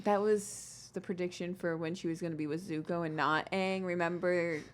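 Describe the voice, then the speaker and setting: A woman's voice: on the low side, steady tone, moderate pace. A young woman co-hosting a college radio show, chatting about a cartoon in a playful, giggly way in a small booth on a studio microphone. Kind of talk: casual fan chat.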